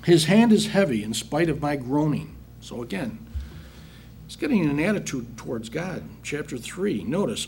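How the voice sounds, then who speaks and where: A man preaches a sermon, reading Bible verses aloud and then restating them in plain everyday words while calling his listeners brethren. His voice is a little high and a little mellow, with big pitch swings, a moderate pace, and a slight hiss or hum.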